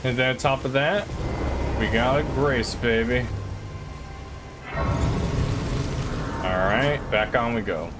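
A young man giving casual, rambling commentary as he plays a video game, talking to himself with sudden excited outbursts. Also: mid-range voice, slow pace, long pauses. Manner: chatty, rambling, self-talk with excited outbursts. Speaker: gaming channel host. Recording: game music playing behind. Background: game music.

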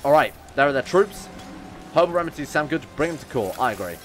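A man narrating his live gameplay stream in a casual, animated way. He jokes, swears freely and keeps answering his chat while he plays. Faint music plays underneath him. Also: a little high, fast talker.

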